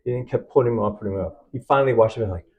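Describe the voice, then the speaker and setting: A man's voice: mid-range voice, very fast, muffled recording. A man, a film producer, talking in an on-set interview and acting out quoted dialogue as he tells his story. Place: event set.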